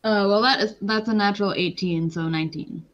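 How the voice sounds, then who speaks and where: A woman's voice: mid-range voice, a little fast, noisy background. Woman player on a lo-fi mic. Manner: hesitant, asks about the rules. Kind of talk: tabletop game play over a call. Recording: dull lo-fi mic.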